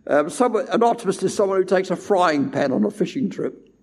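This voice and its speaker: A man's voice: high-pitched, expressive, a little mellow, husky. Emphatic preacher, man. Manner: measured, emphatic delivery stressing key words. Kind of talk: sermon. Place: church.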